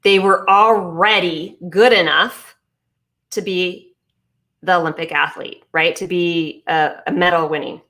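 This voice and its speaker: Her fairly low voice, a bit bright and fairly even in intonation, moves a little slowly. Speaking as a business coach, she delivers an emphatic motivational talk with restarts, fillers and repeated phrases, at one point talking briefly around ice in her mouth.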